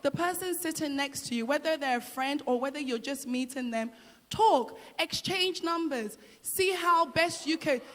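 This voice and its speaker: A woman's voice: high voice, moderate pace. A middle-aged woman giving a motivational speech to a crowd, encouraging and repeating phrases for emphasis. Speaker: guest speaker. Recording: long hall reverb.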